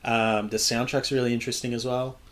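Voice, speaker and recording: A man's voice: medium pitch, little pitch movement, a little fast, a bit bright. A young man hosting a podcast, chatting casually, rambling loosely and swearing freely. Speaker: podcast host. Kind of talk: casual chat.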